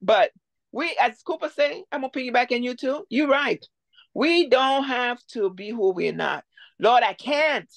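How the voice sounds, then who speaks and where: A woman's voice: on the high side, lively intonation, a little slow, creaky, no room sound. A middle-aged woman teaching at a Bible study, speaking earnestly on a video call. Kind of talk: casual Bible study discussion.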